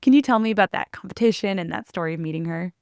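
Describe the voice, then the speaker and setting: A woman's voice: lowish voice, expressive, racing, darkish tone, smooth, no echo, clean studio sound. A woman hosting an interview, asking her guest questions and prompting his stories. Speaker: podcast host.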